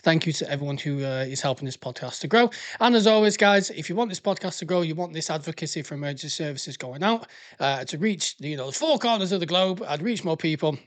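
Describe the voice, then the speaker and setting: A man's voice: a little high, expressive, fast talker. A man with a Northwest English accent hosting a podcast, rambling along in a sweary, jokey, casual chat. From Northwest England. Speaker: podcast host.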